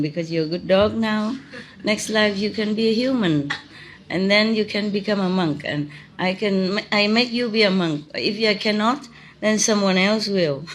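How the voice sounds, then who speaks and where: Slow-spoken woman teacher, chatty and laughing. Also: medium pitch, a bit bright. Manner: chatty, laughs often, simple non-native English. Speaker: spiritual teacher. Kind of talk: informal spiritual talk and storytelling.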